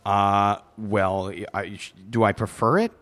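This man from Milwaukee speaks unhurriedly in a fairly low, level, fairly bright voice. Visiting an event, he jokes with children through a handheld mic in a goofy, casual way, stumbling and restarting his words.

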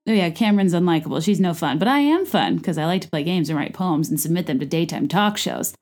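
Rambling, chatty woman podcast host. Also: fast talker. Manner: chatty, rambling, many fillers and restarts; lively jumps in pitch for emphasis. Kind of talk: casual chat about reality TV.

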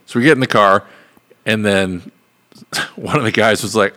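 A man co-hosts a casual podcast, telling a rambling, profanity-laced story and laughing along the way. His voice sits a little low. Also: normal speed, sharp tone. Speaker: podcast co-host.

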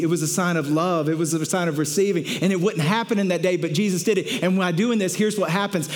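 A male pastor delivering a lively sermon, with a voice sitting a little high for a man. He tells the story with energy, slipping into playful voices for the characters and the crowd. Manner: animated storytelling, acting out crowd voices with laughter.

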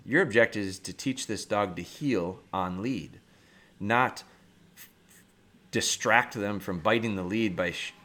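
A man's voice: fairly low pitch, fairly bright tone. A man hosting a podcast, explaining dog training step by step in a plain-spoken, practical way. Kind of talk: instructional podcast talk.

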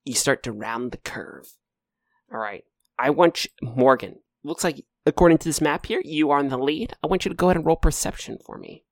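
A man running a tabletop game as dungeon master, lively and jokey with quick bursts of speech. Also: a little high, no room sound, clean studio sound.

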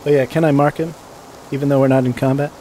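A man's voice: mid-range voice, steady tone, warm tone, slight background noise. A man playing a tabletop game, joking and laughing with the table. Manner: playful, joking, quick to laugh. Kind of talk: casual tabletop play.

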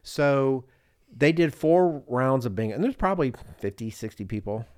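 A man's voice: mid-range voice, expressive, moderate pace, a little mellow, smooth, no echo, clean studio sound. A man in his thirties, a podcast co-host, telling a travel story in casual chat and slipping into voices of the people in it.

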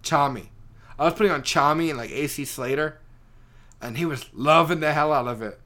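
A man's voice: a little high, a little fast, fairly bright tone. A young man chatting casually, rambling through a story with lots of filler words. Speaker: friend telling a story. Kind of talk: casual chat.

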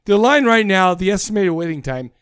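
A man's voice: high voice, animated, a little fast, a bit bright, clean tone, no echo, clean studio sound. A man hosting a podcast in casual comedic chat, rambling and joking and playfully trying not to swear. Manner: jokey, rambling, mock-censoring himself. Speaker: podcast host.

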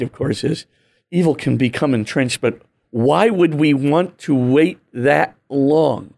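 In an interview, a priest who is also a guest author explains things earnestly and emphatically, scattering "you know" and "right?" asides throughout. His voice is on the high side with a darkish tone, and the talk has the feel of animated teaching.

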